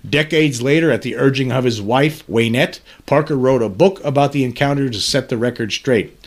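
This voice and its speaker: Somber podcast host reading the news. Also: male voice, medium pitch, moderate pace. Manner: earnest, somber commentary between read passages. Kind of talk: reading news articles aloud with personal commentary.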